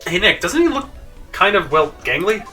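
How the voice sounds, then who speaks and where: A man's voice: sits high, very animated, normal speed, pushed and bright, far from the mic, faint music behind, heavily acted. A man voicing a perky young female assistant who asks blunt, teasing questions. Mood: curious.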